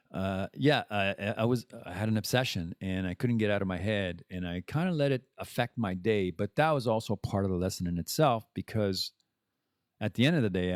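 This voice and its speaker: A man with a voice on the low side hosts a podcast, rambling through a casual monologue full of restarts and the odd swear word. The recording is studio quality with no room sound.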